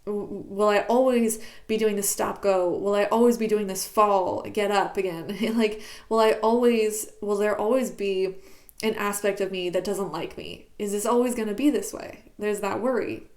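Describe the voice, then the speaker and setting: A woman's voice: medium pitch, moderate pace, a little mellow. A woman talking candidly in a reflective personal vlog, searching for words with many fillers, recorded in her bedroom. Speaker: YouTuber. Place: bedroom at home.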